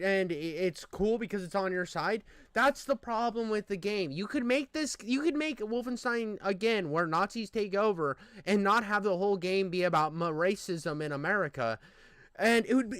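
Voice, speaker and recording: Young guy ranting and swearing a lot, high clean voice, dry close sound. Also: fairly bright tone, clear, resonant tone, dry recording. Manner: profane, ranting, exasperated, lots of fillers. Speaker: streamer reacting to a video. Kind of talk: heated casual commentary.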